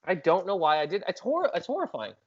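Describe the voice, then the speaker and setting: High, lively man telling stories. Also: quick pace, slightly rough, highs cut off. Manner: animated, self-mocking storytelling. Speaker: podcast guest. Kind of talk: casual chat, storytelling.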